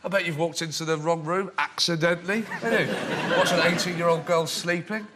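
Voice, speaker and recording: A man doing a mocking, loud comic rant on a panel show stage, shouting his punchlines. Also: fairly high pitch, steady tone, brisk. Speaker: comedian arguing a side. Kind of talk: stand-up style comic rant. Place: studio with live audience. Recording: loud laughing crowd, noisy.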